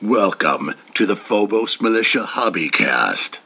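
A man putting on a deep, solemn announcer voice to read a podcast intro. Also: big pitch swings, sharp tone, exaggerated voice. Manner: slow, solemn, overly dramatic. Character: deep gravelly male announcer reading an intro.

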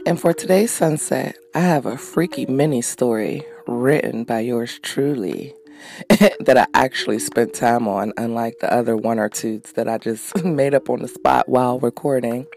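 Low, gravelly, laid-back woman. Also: moderate pace, darkish tone. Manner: laid-back, laughing, profane banter. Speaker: podcast host. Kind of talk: reading her own story on a podcast.

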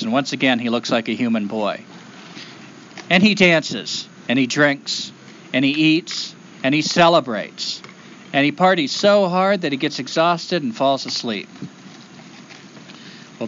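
Expressive male folktale storyteller. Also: mid-range voice, muffled recording, slight background noise. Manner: rhythmic, expressive, repeating phrases.

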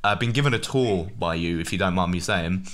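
A man co-hosting a podcast in casual chat, excitable and joking, rambling with lots of fillers. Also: low voice, fairly quick. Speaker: podcast co-host.

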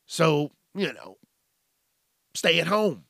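A man's voice: on the high side, slow, creaky, long pauses, no room sound, clean studio sound. A man hosting a podcast, ranting casually and profanely, acting out other people's voices. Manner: profane, animated, acts out voices. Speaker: podcast host. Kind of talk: casual comedic rant.

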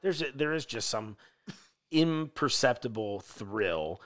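A man's voice: mid-range voice, animated, slow, a bit bright. A man who performs live, chatting as a podcast guest in a rambling way full of fillers. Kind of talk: casual podcast chat.

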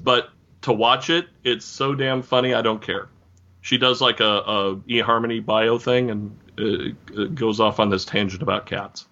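Podcast dude rambling, bright edgy voice, kinda muffled lo-fi audio. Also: male voice, lowish voice, fairly even intonation, normal speed. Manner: rambling, amused, eager to share. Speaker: podcast co-host. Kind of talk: casual chat.

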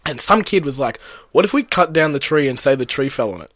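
A man's voice: on the high side, animated, quick pace, dry recording. A man casually telling a party story, acting out the lines of others with lots of laughing. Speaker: storyteller guest. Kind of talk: casual chat.

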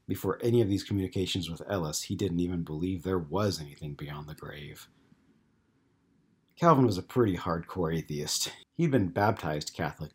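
A man narrating an audiobook in a calm, even storytelling manner. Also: low voice, breathy edge. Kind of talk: scripted narration.

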